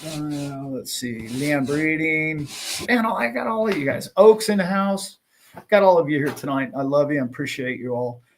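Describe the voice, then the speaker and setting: A man's voice: fairly high pitch, moderate pace, slight background noise. A man hosting a livestream, chatting casually and greeting viewers, rambling and friendly with lots of filler words. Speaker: livestream host.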